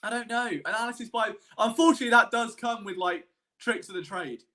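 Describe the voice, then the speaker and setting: A man with a high, bright, forceful voice hosts a live-streamed sports show. He rambles and circles back on himself with plenty of self-deprecating asides. His analysis comes across as animated, casual and unscripted. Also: a little fast. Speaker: sports podcast host.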